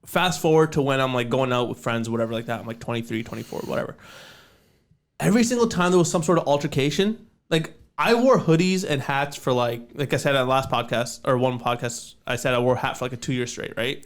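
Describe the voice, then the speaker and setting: Fast-talking laid-back young man. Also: mid-range voice. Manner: laid-back, slangy, swears often. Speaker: podcast co-host. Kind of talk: casual podcast chat.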